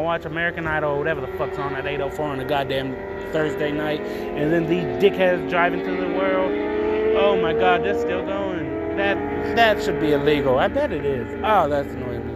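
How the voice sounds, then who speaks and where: A man hosting his own podcast from home, ranting casually with heavy swearing and mocking asides. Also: on the high side. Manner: profane, heated ranting, mocking. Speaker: podcast host. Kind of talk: casual solo rant. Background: cars passing outside.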